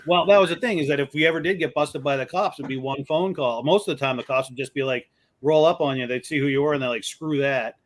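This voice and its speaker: Guy telling a story on a podcast, kinda high voice, does the voices of everyone in it. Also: fast talker. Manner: animated storyteller, acts out quoted voices. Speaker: co-host. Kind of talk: casual storytelling chat.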